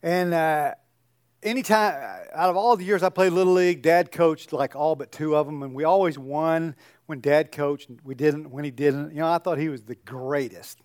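A man's voice: on the high side, fairly even intonation, normal speed, darkish tone, no echo, clean studio sound. An older man, a pastor, giving a sermon in a conversational storytelling way with joking asides.

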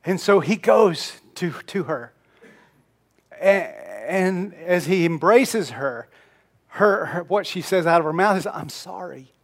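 A man with a fairly high voice delivers a sermon as a pastor, telling stories in an easy conversational way. He presses some phrases loudly, then sinks to a hushed, almost whispered tone. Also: animated, slow. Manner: conversational storytelling, swings from loud emphasis to hushed near-whisper.

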